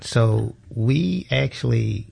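A man's voice: medium pitch, expressive, slow, creaky, darkish tone. A man working as a museum educator, a guest on a radio interview who explains things in an easygoing way.

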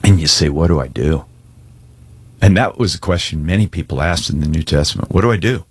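Low husky-voiced male pastor preaching. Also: brisk, dry recording. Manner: earnest, conversational preaching with casual slang. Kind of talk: sermon with altar call.

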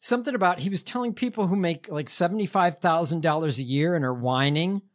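A man hosting a podcast, talking casually and profanely about politics, halting with many fillers and restarts. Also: fairly high pitch. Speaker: podcast host.

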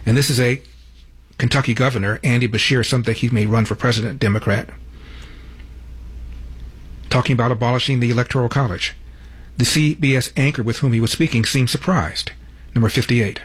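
A man's voice: medium pitch, brisk, pauses often, husky. Emphatic political commentary host, man. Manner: pointed, emphatic delivery. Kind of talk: political commentary introducing clips.

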